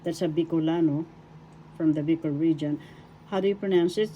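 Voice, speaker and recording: A woman's voice: deep voice, fairly even intonation, brisk, long pauses, warm tone, highs cut off, a little hiss or hum. An older woman with a Filipino accent teaching a language lesson, spelling out words syllable by syllable and repeating each word several times. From Philippines. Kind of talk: slow spoken language lesson.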